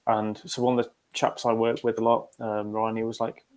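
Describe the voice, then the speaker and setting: A man's voice: lowish voice, monotone, moderate pace, low-quality recording. A man co-hosting a casual podcast chat, telling a long story loosely with many fillers and restarts. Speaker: podcast co-host.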